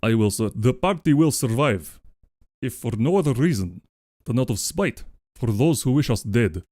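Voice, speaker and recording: A man's voice: medium pitch, animated, normal speed, darkish tone, no echo, clean studio sound, natural voice. A man putting on a Russian accent to voice a male goat comrade barking mock-stern self-love slogans, with swearing. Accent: put-on Russian. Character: boisterous male goat communist comrade giving pep talk. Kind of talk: comedic affirmation bit on livestream.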